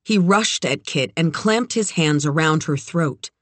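Slow, measured audiobook narrator. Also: mid-range voice, expressive, no room sound. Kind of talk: scripted narration.

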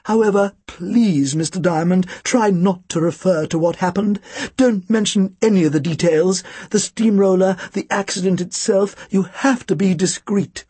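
A man's voice: high-pitched, moderate pace, mellow, breathy edge, no room sound, voice pushed up. A man voicing a formal, cautious male doctor who gives precise, earnest warnings about his patient.

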